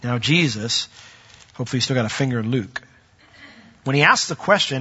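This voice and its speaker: A man preaching a sermon, telling stories in a lively way and acting out the voices in them. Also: medium pitch, fairly quick, long pauses, husky. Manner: animated storytelling, acts out voices. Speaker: pastor. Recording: dull recording in a reverberant hall.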